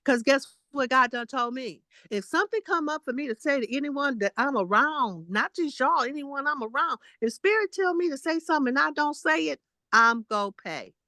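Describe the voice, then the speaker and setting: A woman's voice: high voice, animated, normal speed, pushed and bright, no room sound. A woman in her late sixties giving a casual spiritual testimony, blunt and emphatic, repeating herself and fussing at her listeners. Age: 60s. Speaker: guest spiritual teacher.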